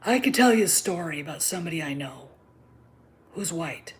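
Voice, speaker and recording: Middle-aged female host, low-pitched; impassioned opinion monologue with emphatic whispered asides. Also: expressive, normal speed. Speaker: channel host.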